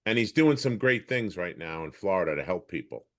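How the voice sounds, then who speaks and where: A man hosting a podcast, chatting in a relaxed, affirming way. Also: low voice, fairly quick. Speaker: podcast host. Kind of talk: casual chat.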